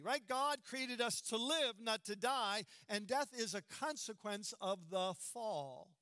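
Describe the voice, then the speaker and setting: Male preacher, bright high voice, earnest and emphatic, dry close sound. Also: no echo. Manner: earnest, emphatic, slows and drops to a hush on key words. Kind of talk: sermon.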